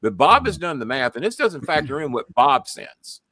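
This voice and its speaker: A man's voice: a little high, big pitch swings, normal speed, sharp tone, no room sound, clean studio sound. A middle-aged man, hosting a casual show and telling blunt stories full of swearing. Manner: blunt, heavy swearing, storytelling. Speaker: show host. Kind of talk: casual live-show chat.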